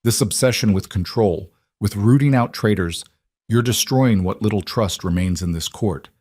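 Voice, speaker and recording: A weak, wounded king who sounds hurt and defensive, as a male narrator with a low voice puts him on. The voice is deep and pleading. The sound is dry and close. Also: normal speed, darkish tone, slightly rough, dry recording.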